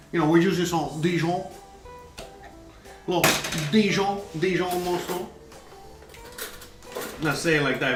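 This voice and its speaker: A man's voice: a little high, echoey room, rough recording. A man hosting a casual live cooking demo, chatty and joking, filling his talk with "you know". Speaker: cooking show host. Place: home kitchen.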